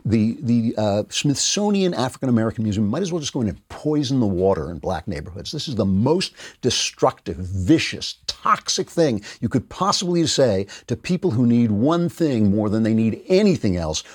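A middle-aged man hosting a political commentary show, giving an indignant, sarcastic opinion monologue. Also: mid-range voice. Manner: sarcastic, indignant, mocking voices of opponents.

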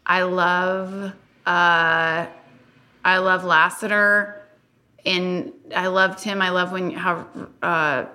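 A woman's voice: fairly low pitch, pushed and bright. A woman co-hosting a casual rewatch podcast, chatty and giggly as she reads out fan questions. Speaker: podcast co-host.

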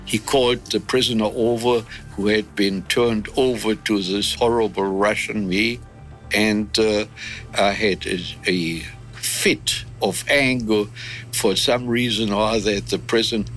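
An older man from Germany, interviewed about his past, speaking in a measured way with pauses. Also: lowish voice, steady tone, a bit bright, soft background music. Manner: measured, pausing with "uh". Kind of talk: recalled wartime testimony.

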